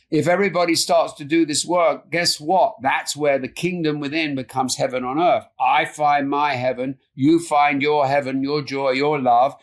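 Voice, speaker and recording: Heard over a remote call, a man guesting on a podcast reflects in an earnest, soft-spoken way. His voice is a little high, and he often trails off and starts again.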